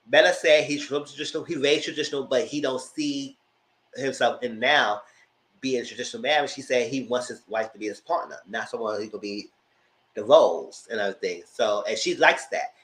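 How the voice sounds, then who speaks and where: Animated man recapping TV, roomy echo. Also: mid-range voice. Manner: chatty, animated, talks straight to viewers. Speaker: vlogger recapping a reality show. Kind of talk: casual commentary.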